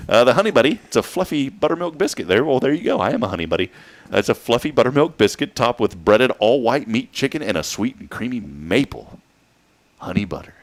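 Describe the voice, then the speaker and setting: Jokey morning show host. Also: male voice, fairly low pitch, sing-song, fast. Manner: jokey, playful, riffs on the news. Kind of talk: casual chat and news roundup.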